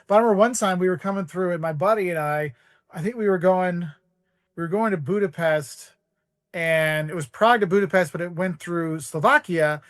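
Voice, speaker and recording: A man, a podcast guest, telling casual travel anecdotes in an animated way, acting out the voices of the people in them and using "like" a lot. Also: high-pitched, fairly quick. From United States. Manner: animated, acts out quoted voices, heavy use of "like".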